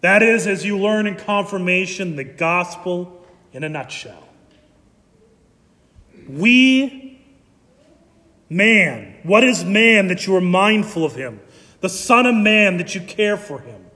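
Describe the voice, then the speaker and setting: A man preaching a sermon as pastor, animated and emphatic. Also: high-pitched, slow, pauses often, long reverb tail.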